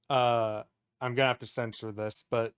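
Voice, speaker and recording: A man co-hosting a casual podcast chat, giggling as he tells a quick anecdote. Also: medium pitch, fairly even intonation, smooth, no echo, studio quality. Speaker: podcast co-host.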